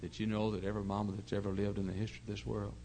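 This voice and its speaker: A middle-aged man pastor preaching a sermon in an earnest storytelling way, dropping to hushed asides and rising to loud emphasis. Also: fairly low pitch, level tone, rapid-fire, slight background noise, rough recording. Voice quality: gravelly.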